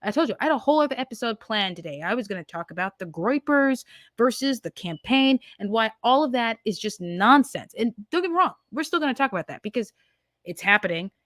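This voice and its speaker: A woman's voice: a little high, lively intonation, a little fast, a bit bright, dry recording, studio quality. A woman in her twenties hosting a podcast, giving a heated, emphatic political monologue full of rhetorical questions. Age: 20s. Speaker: podcast host.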